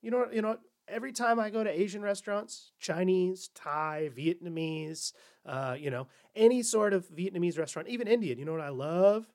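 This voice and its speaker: A man's voice: high voice, fairly quick, a little mellow. A man hosting a comedy podcast, delivering a sarcastic monologue and slipping into mocking corporate voices. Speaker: podcast host.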